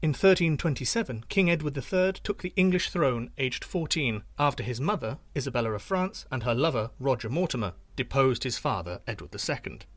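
A man's voice: medium pitch, lively intonation, a little fast, hardly any pauses, a bit bright, dry recording. A man hosting a history podcast, reading a scripted outro in a dry, wry manner. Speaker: podcast host.

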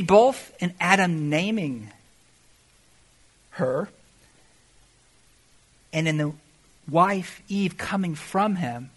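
A man preaching a sermon as pastor, animated, swinging between shouted exclamations and quiet asides. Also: a little high, breathy edge.

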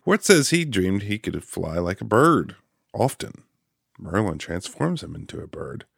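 A man recaps a film for a podcast in a relaxed, chatty way. His voice sits low but moves a lot in pitch, jumping into quick character bits. The sound is dry and close. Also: creaky, slightly rough, dry recording. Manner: animated retelling with quoted character voices. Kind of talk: casual podcast chat.

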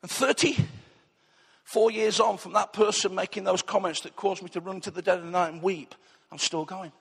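Middle-aged male pastor, high husky voice, impassioned rhythmic sermon with refrains, long church-hall reverb. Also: fairly even intonation, normal speed, fairly bright tone.

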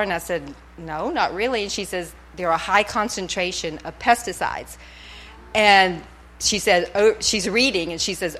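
Holding a handheld mic, a middle-aged woman nervously recounts her testimony during a church service, laughing often in a chatty storytelling manner. She talks at normal speed in a mid-range voice with a fairly bright tone.

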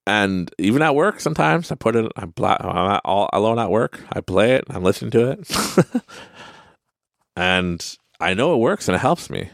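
Low gravelly man, casual self-help talk. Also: very animated, normal speed, no room sound, studio quality. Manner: rambling, laughs at his own stories. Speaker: podcast host.

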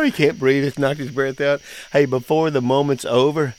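A man's voice: medium pitch, lively intonation, moderate pace. Folksy middle-aged man. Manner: folksy, drawling, laughs often. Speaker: podcast host, father. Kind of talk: casual storytelling chat.

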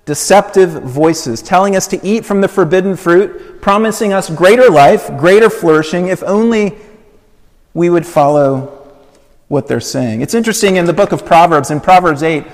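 A man preaching a sermon, measured and emphatic, building with slow repeated phrases. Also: high voice. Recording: long hall reverb.

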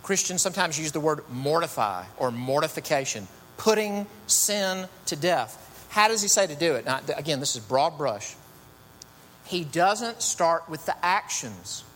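A man's voice: fairly high pitch, expressive, unhurried, fairly bright tone. A man preaching a sermon in a conversational, storytelling way with chatty asides. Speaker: pastor. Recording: long reverb, faint hum.

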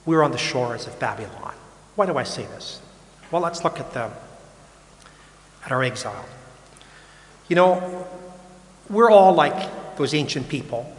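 A man's voice: mid-range voice, expressive, measured pace, pauses often, slight background noise. An older man, a Catholic priest, preaching in a casual, frank way that often repeats and restarts words. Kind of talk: conversational sermon. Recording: echoey hall with long reverb.

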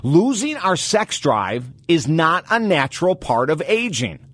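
A man hosting a radio talk show with an energetic, motivational delivery. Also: a little high, a little slow, no echo, clean studio sound.

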